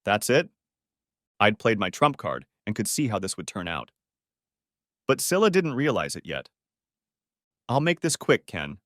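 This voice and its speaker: A man reading a first-person dramatic story aloud with expressive, sardonic delivery. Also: on the low side, moderate pace, pauses often, no echo, clean studio sound. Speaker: story narrator.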